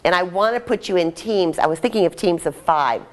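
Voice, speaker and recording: A woman's voice: on the low side, a little fast. Woman, workshop trainer, chatty, upbeat, giving directions to a group. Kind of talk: live workshop instruction.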